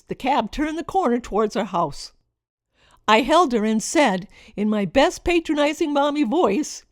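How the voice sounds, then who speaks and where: A middle-aged woman from Minnesota reading her own personal story in a reflective, expressive way. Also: a little high, measured pace, no room sound, studio quality. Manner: reflective, expressive, lingering over list words.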